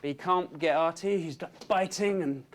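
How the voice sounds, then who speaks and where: A man narrating an animated story pitch, describing action and making sound effects. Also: moderate pace. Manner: dropping into low voices, making sound effects.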